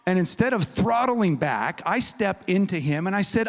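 A man preaching a sermon as a humorous, animated storyteller who acts out the people in his story. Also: high-pitched, moderate pace, gravelly. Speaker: pastor. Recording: reverberant hall recording.

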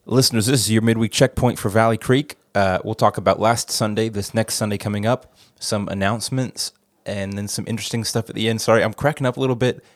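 Man, podcast host, chatty, rambling, casual, lowish voice, dry close sound. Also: fairly even intonation, fast, few pauses, no room sound. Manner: chatty, rambling, jokes at himself. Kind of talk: casual church podcast chat. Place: church office studio.

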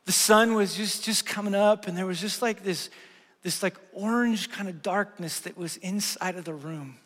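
A middle-aged male pastor with a rather high voice preaches in earnest, swinging between loud, lively stretches and quiet, hushed moments. His voice rings out with a long reverb from the sanctuary around him. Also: normal speed. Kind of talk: sermon.

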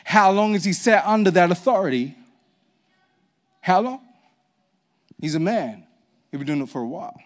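A man with a high-pitched voice preaches a sermon. He talks animatedly and with emphasis, and repeats phrases for effect. He reads scripture aloud in a lower, quieter register. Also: expressive, moderate pace, pauses often.

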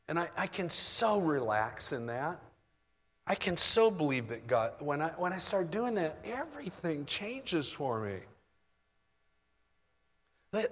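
A man preaching a sermon in a relaxed, conversational way, moving between soft asides and loud bursts. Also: a little high, slightly rough, long reverb tail. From United States. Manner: conversational, shifts from soft asides to mock shouting.

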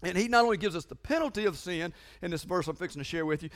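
A man's voice: high-pitched, lively intonation, quick pace. A man preaching a sermon in a conversational, emphatic way, often repeating himself. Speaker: pastor.

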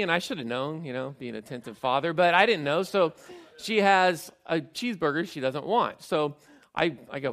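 A man's voice: on the high side, animated, moderate pace, a bit bright. A man giving a sermon as a pastor in a conversational, self-deprecating storytelling way.

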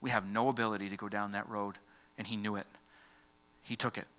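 Man, pastor, sermon, low-pitched, forceful tone, dramatic swings to near-whisper. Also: fairly even intonation, brisk.

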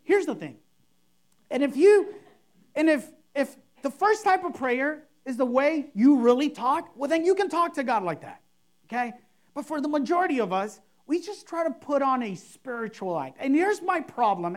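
Woman, pastor, sermon, emphatic, repeats phrases, higher voice. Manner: emphatic, repeats key phrases, mimics overblown prayers.

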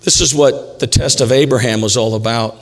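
A man's voice: mid-range voice, steady tone, fairly quick, gravelly. A male pastor preaching a sermon in a church, emphatic and repetitive, with jokes along the way. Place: church sanctuary. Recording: reverberant church hall.

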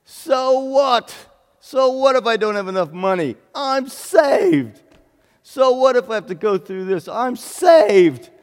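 A man imitating an overjoyed, newly converted British man with a British accent, exclaiming loudly. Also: very high voice, expressive, slow, voice pushed up, heavily acted. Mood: exuberant. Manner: exuberant, shouting. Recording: long hall reverb.

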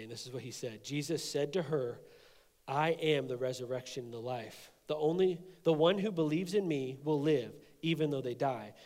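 Pastor reading scripture in a reverberant hall. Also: male voice, mid-range voice, a little mellow. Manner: reads scripture aloud and comments casually. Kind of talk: sermon.

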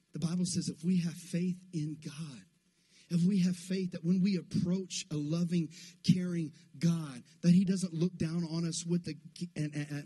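Husky high-voiced preaching pastor. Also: male voice, mellow. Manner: impassioned preaching with call-and-response to the congregation. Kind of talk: sermon. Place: church sanctuary before a live congregation.

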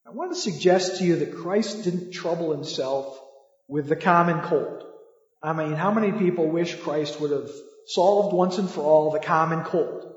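A man preaching a sermon in a conversational way, asking the listeners rhetorical questions. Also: fairly high pitch. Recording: echoey hall, dull lo-fi sound.

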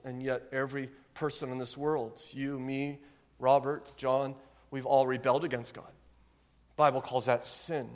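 A man's voice: mid-range voice, big-room sound. A man preaching a sermon as pastor, with an earnest, emphatic delivery and frequent rhetorical questions.

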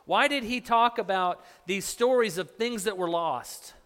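High-voiced man preaching in a reverberant hall. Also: unhurried, fairly bright tone. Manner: casual retelling with frequent restarts. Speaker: pastor leading a Bible study. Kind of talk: conversational sermon with audience questions.

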